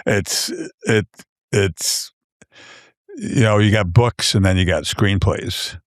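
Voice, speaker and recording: Deep-voiced man telling a rambling story. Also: slow pace, no room sound, studio quality. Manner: rambling storyteller, many restarts and fillers. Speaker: author guest. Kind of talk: casual podcast chat. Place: podcast studio.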